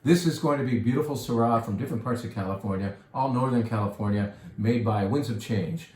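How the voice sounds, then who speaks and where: A man's voice: medium pitch, fairly quick, darkish tone. A man, a wine shop steward, tasting and describing wines in a casual, enthusiastic way, savoring each sip with murmurs. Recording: echoey room.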